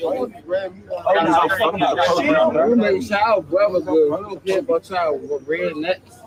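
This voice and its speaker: A man's voice: high voice, unhurried, low-quality recording. A man bystander in a heated street confrontation, taunting the officers. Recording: crowd noise from street footage.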